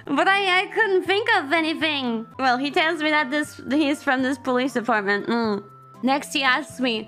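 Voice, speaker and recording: A woman streamer casually telling a story in an animated, flustered way, laughing and repeating herself. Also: high voice, moderate pace, soft background music.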